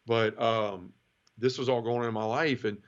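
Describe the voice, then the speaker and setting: A middle-aged man from the southern United States, giving an emotional personal testimony in an interview, halting and full of restarts. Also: mid-range voice, steady tone. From Memphis area, southern United States. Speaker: guest. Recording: dull lo-fi audio.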